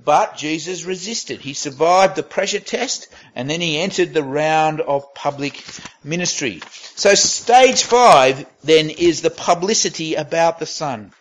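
A man preaching a sermon in a conversational way, reading scripture aloud and pausing to rephrase. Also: fairly high pitch, a bit bright. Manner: conversational, reads scripture aloud, with pauses and restarts.

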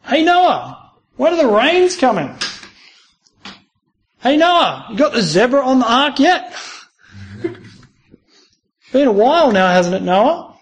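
A man's voice: very high-pitched, sing-song, slow pace, pauses often, pitched above the performer's own voice, full character voice. A man voicing mocking townspeople who taunt their neighbour. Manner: taunting and sneering. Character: jeering townsfolk, mocking adult men.

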